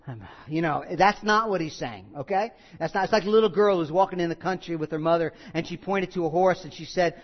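Male pastor, sermon delivery; high-pitched, earnest with light humor; muffled recording. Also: fairly quick, in a large hall. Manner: earnest preaching with asides and small jokes.

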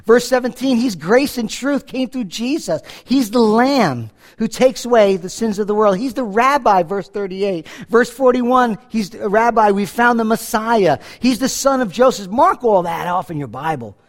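A man's voice: high-pitched, expressive, normal speed, hardly any pauses. A middle-aged man from New York preaching a conversational Bible-teaching sermon, acting out the scripture dialogue. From New York, USA. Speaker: pastor.

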